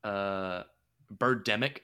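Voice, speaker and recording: A man's voice: fairly low pitch, slow, bright, forceful tone, clear, resonant tone. A man co-hosting a podcast in casual chat, teasing and goofing around with frequent laughs. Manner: teasing, goofy, laughs often. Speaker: podcast co-host.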